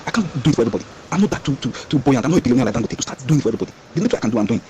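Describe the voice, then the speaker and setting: A man's voice: mid-range voice, lively intonation, rapid-fire, mellow, a little hiss or hum, low-quality recording. A Nigerian man calling into a radio show, pleading again and again. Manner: pleading, repetitive. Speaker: radio caller. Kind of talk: pleading call-in.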